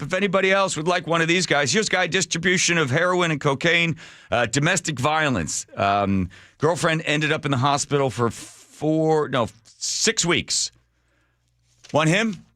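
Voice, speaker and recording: A man's voice: a little high, a bit bright, no room sound. A man hosting a talk radio show, delivering sarcastic commentary full of mocking rhetorical questions into a studio microphone.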